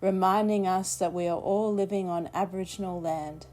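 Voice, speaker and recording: A woman, a children's book author, reading her children's story aloud in a slow, gentle storybook manner. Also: on the low side, steady tone. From Australia.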